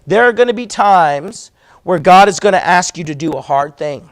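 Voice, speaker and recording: A man's voice: high-pitched, animated, normal speed. A man, teaching a Sunday school class in a church classroom. He talks in a conversational, storytelling way and asks the class questions. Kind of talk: conversational Bible lesson.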